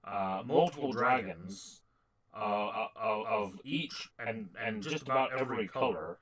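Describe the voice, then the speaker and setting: Man narrating as dungeon master, halting. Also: lowish voice, fairly bright tone, rough recording. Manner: halting, with many fillers and restarts. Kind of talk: narrating a tabletop game.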